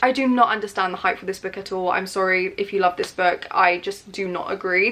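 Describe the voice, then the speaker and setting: A woman's voice: medium pitch, steady tone, fast talker, few pauses, bright, forceful tone, a little hiss or hum. Chatty, emphatic woman book vlogger. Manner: chatty, emphatic, candid opinions. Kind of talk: casual reading wrap-up vlog.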